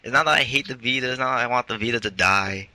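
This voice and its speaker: A man's voice: medium pitch, fast, bright, forceful tone, rough recording. A man hosting a casual gaming podcast, ranting animatedly and swearing freely. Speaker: podcast host.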